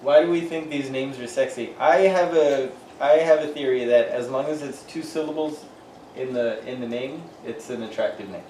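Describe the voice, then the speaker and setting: A man's voice: medium pitch, normal speed, dark tone, recorded from a distance. Middle-aged male co-host, rambling jokey chat; roomy off-mic sound with light noise. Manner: joking, rambling, laughs often. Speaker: podcast co-host. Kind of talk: casual chat.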